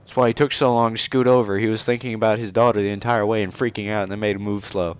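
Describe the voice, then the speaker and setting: A man's voice: on the low side, fairly even intonation, fast, clean tone. A man hosting a let's play, giving casual, sarcastic and joking commentary on a video game. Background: video game music.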